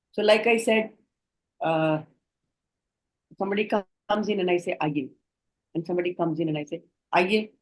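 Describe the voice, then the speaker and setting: A woman's voice: lowish voice, low-quality recording. A woman with an Indian English accent giving an online training lecture to doctors, explaining points earnestly and speaking directly to her trainees over a video call.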